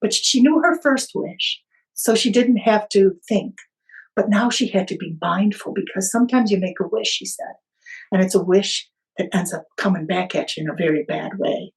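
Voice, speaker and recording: A woman guest on a podcast, telling a family story in an unhurried, vivid way. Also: mid-range voice, poor audio.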